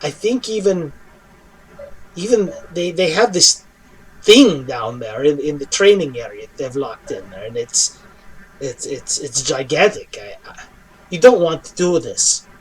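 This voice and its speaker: A man playing a weary captive hobgoblin in a tabletop game, speaking a little lower and quieter than an everyday voice. The creature stammers and hesitates, grim and frightened as it warns the party off. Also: expressive, a little slow, breathy edge, poor audio. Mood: warning.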